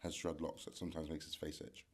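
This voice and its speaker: A young man co-hosting a casual podcast chat, rambling and relaxed, full of fillers. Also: very deep voice, quick pace. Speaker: podcast co-host.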